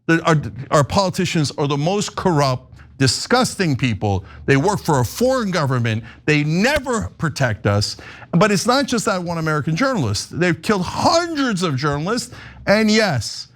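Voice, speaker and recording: A man's voice: on the high side, sing-song, moderate pace. A man hosting an online political show, delivering heated, sarcastic commentary with emphatic indignation. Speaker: host.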